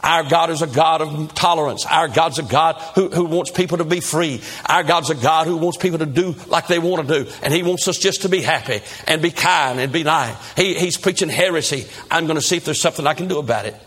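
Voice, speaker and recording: Preacher playing a smug religious official, indignant and preachy, husky voice. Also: male voice, fairly high pitch, brisk, hardly any pauses, fairly bright tone. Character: self-righteous male religious leader, smug.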